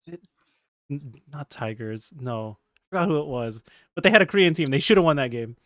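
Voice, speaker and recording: Male podcast host, high pitch, excitable storyteller, dry close mic. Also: brisk, dry recording. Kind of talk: casual chat.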